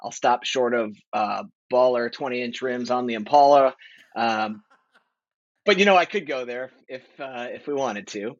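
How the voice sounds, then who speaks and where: A man in his forties, a guest on a podcast, talking in a relaxed, rambling way with lots of fillers. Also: medium pitch, unhurried, dry recording. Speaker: guest, marketing executive. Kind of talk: casual podcast interview. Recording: dry, dull lo-fi sound.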